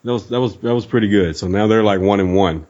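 A man's voice: fairly low pitch, fast, a little mellow, dull audio. A man co-hosting a podcast in casual chat, laid-back, laughing often and leaning on fillers. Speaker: podcast co-host.

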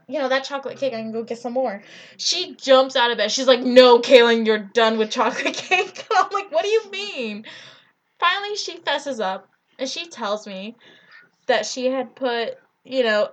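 Giggly high-voiced young woman storyteller. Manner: giggly, animated, lots of "like". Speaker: podcast co-host. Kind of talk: casual storytelling chat.

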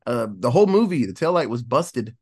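Speaking a little fast with a breathy edge in a mid-range voice, this man runs through a film's plot on his podcast. He tells it with animation, performing each character's lines along the way.

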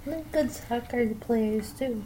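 A woman co-hosting a casual podcast with her husband, speaking quietly in short replies. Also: on the high side, slow, slight background noise, poor audio. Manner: quiet, soft-spoken, brief replies. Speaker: podcast co-host. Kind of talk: casual chat.

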